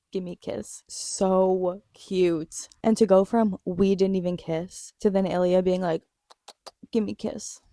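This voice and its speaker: A young woman vlogger recapping a TV episode in gushing, excited casual chat, laughing often and swearing casually. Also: lowish voice, no room sound, studio quality.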